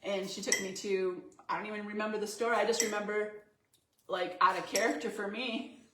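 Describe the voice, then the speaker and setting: A woman co-hosting a casual home talk show, chatty and quick to laugh. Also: medium pitch, steady tone, noisy background. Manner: giggly, chatty. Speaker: co-host. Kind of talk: casual chat. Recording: echoey room, mic at a distance.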